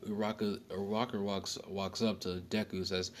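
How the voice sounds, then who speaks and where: Man, deep voice, casual story, rambling delivery, slang and fillers, slight noise behind. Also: flat delivery, normal speed, hardly any pauses. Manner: rambling, slangy, frequent self-corrections and fillers.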